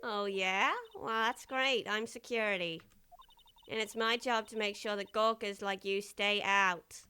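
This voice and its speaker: A woman's voice: mid-range voice, fairly even intonation, measured pace, pushed and bright, clean tone. A woman voicing a grouchy, chatty old woman security guard who scolds and gossips, reading game dialogue. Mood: bossy. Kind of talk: video game voice-over reading.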